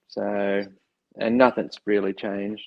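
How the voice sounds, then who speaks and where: A man's voice: lowish voice, flat delivery, takes it slowly, lo-fi sound. A man with an Australian accent, a podcast guest talking in a laid-back, rambling way on his phone. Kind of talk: casual chat.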